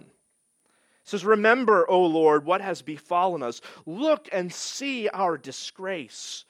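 Earnest preaching man, fairly high voice. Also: a bit bright, dry recording, studio quality. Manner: earnest preaching, voice rising and dropping for emphasis. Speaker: pastor. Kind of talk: sermon.

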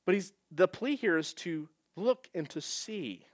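A man's voice: fairly high pitch, big pitch swings, takes it slowly, hardly any pauses, no room sound, clean studio sound. A man preaching a sermon, reading scripture aloud and explaining it in an earnest, emphatic way. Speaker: pastor.

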